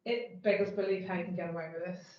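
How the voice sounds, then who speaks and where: A woman's voice: on the low side, steady tone, fast talker, close to an everyday voice. A woman playing a strict, bureaucratic PMO manager who complains indignantly about missing paperwork, in an amateur workplace role-play over a video call. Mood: mocking. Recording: echoey room, dull lo-fi sound, faint noise.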